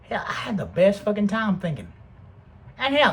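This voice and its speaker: A man rambling through a casual, heavily profane motivational monologue that swings between loud bursts and low mutters. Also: sing-song, brisk, rough recording. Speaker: vlogger.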